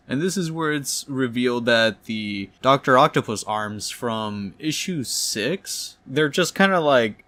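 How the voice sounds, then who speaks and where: A man reviewing a comic book, retelling the plot in a plain, steady, casual way. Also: lowish voice.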